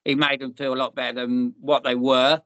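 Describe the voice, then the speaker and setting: Older man, bright dry voice. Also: medium pitch, little pitch movement, a little fast, dry recording, highs cut off. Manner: rambling, restarts and repeats, storytelling. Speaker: podcast host. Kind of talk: casual reminiscing chat.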